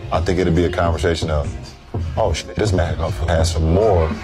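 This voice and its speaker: A man with a very deep voice talks casually in a meeting, pitching an idea in a relaxed way. Music plays clearly behind him in the clip. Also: normal speed.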